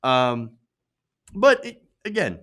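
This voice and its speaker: Animated sarcastic male commentator. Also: medium pitch, slow pace. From Michigan, USA. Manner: sarcastic, laughs often. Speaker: political commentary host. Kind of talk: casual political commentary.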